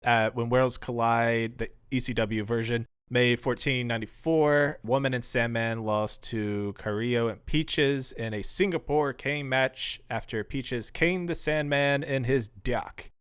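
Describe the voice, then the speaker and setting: Guy on a podcast reading off old match history, smooth clear voice, dry close sound. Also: medium pitch, unhurried, few pauses, fairly bright tone, no echo. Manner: laughs often, reads off dates and match details. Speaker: podcast co-host. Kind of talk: casual podcast chat recounting history.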